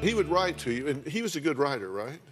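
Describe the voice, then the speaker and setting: A man's voice: fairly high pitch, big pitch swings, fast talker, music in the background. Older man with folksy, blunt questions. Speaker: talk show host. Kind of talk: probing interview questions.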